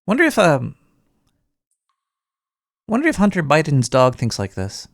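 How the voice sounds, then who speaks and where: A man's voice: on the high side, huge pitch swings, a little slow, dry recording, studio quality, exaggerated voice. A man playing a paranoid male cartoon rat who hosts a call-in radio show, rambling with lots of restarts.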